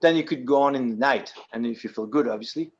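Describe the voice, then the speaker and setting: A guest speaker from France answers questions during a presentation at a yacht club meeting room, his French accent clear despite the muffled recording. His mid-range voice moves fast, and his practical, step-by-step explanations are broken by frequent ums and restarts.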